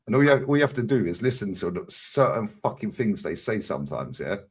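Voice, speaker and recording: Male guest, low and husky, loud and sweary, animated. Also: quick pace. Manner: loud, profane, animated storytelling. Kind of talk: casual chat on a live stream.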